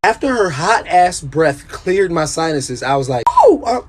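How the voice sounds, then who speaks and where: A young man with a husky, slightly rough voice tells comic storytime tales. He swings his pitch all over, jumping high and dropping low for punchlines. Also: a little slow. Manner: animated, jokey, swings pitch wildly. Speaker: storytime narrator. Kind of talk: comedic animated storytime narration.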